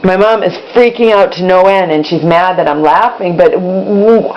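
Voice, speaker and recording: A woman's voice: fairly low pitch, normal speed, few pauses. Rambling exasperated woman vlogging at home. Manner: rambling, repeats herself, exasperated. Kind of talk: casual vlog monologue. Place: home kitchen. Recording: slightly dull, faint background hum.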